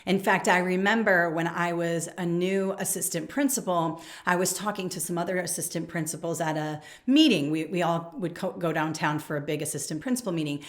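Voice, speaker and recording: A woman in her forties gives firm, no-nonsense advice to camera. She speaks directly and with emphasis, like a coach giving frank pointers to teachers. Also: lowish voice. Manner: direct and emphatic, reads example emails aloud. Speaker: education coach. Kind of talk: instructional talk to camera.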